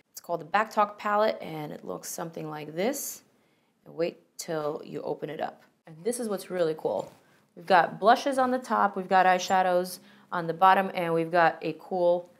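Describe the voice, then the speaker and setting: A woman's voice: lowish voice, fairly bright tone. A young woman beauty vlogger chatting enthusiastically through a makeup tutorial and product review, with playful asides.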